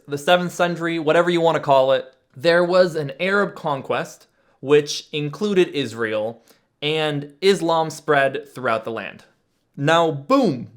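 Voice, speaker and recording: A man casually explaining history to viewers, with joking, sarcastic asides. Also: a little high.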